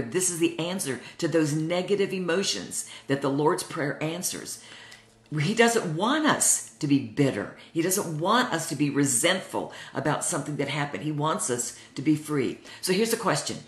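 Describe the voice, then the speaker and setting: A woman in her sixties teaching a Bible study, earnest and heartfelt as she tells personal stories. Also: deep voice. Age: 60s. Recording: roomy echo.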